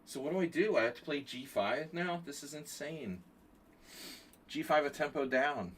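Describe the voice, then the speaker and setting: Playing blitz chess on a live stream, a man with a medium-pitched voice thinks aloud through his moves and chats with viewers. There's slight background noise.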